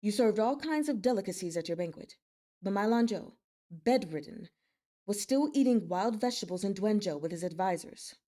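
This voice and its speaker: A woman's voice: mid-range voice, expressive, normal speed, dark tone, lightly acted. A woman voicing a stern young male lord who speaks in cold, cutting, emphatic words in a read-aloud novel.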